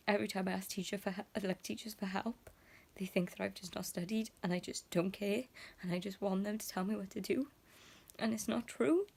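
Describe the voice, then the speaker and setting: A woman's voice: medium pitch, darkish tone. A young woman talking emotionally in a casual vlog, rambling with lots of fillers and slipping into half-whispered asides. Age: young adult. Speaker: vlogger.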